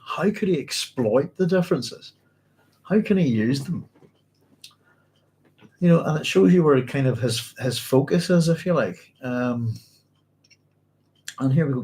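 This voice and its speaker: A man's voice: a little high, animated, measured pace, pauses often, a little mellow. A man hosting a casual book club discussion from home, chatty and rambling, laughing easily.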